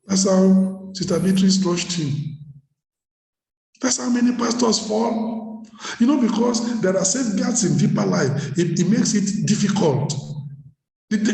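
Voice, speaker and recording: A man's voice: high voice, gravelly, a little mellow. A man preaching a sermon as a pastor, telling a story and repeating phrases for emphasis. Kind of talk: sermon at leadership workshop. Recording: echoey hall.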